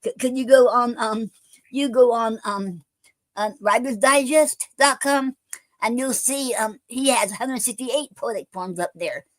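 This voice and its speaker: A woman hosting a poetry show, explaining a poem form in halting casual talk with many fillers and restarts. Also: fairly high pitch, dry recording. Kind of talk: casual live-stream chat.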